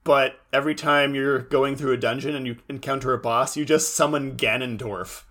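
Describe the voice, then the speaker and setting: A man's voice: medium pitch, steady tone, normal speed, background noise. A young man co-hosting a podcast, recapping a show with dry, sarcastic quips. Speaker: podcast co-host. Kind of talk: casual chat recapping a show.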